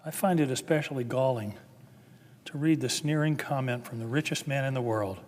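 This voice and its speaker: A man's voice: mid-range voice, fairly quick, darkish tone. A man, a senator, giving a formal floor speech with earnest, building emphasis. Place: legislative chamber. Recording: long reverb of a large chamber.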